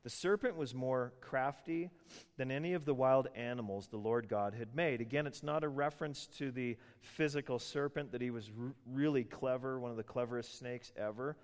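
A man's voice: medium pitch, moderate pace, in a large hall. A man preaching a sermon in a conversational, teaching manner, stressing points and asking rhetorical questions.

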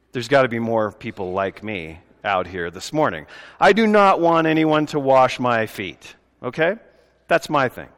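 This pastor has a slightly high, somewhat bright voice. He delivers his sermon in a conversational manner, joking with the congregation along the way, and the church hall adds a long reverb.

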